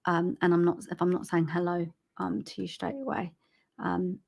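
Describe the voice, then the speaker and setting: A woman giving a live-streamed psychic reading, soft and halting, with frequent ums and repeated phrases. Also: lowish voice, flat delivery, vocal fry. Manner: laughs at herself over tech trouble. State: choked up with emotion. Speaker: psychic medium.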